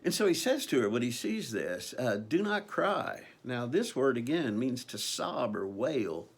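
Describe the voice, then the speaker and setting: A man's voice: medium pitch, very animated, normal speed. A man preaching a conversational sermon, earnest and unscripted, with frequent ums and restarts. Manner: earnest, conversational, with many ums and repeated phrases.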